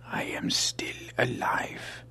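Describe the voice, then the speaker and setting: A man's voice: lowish voice, expressive, normal speed, vocal fry, pushed and bright, slightly rough, full character voice. A man voicing a terrified elderly male museum curator, whispering breathlessly and stammering.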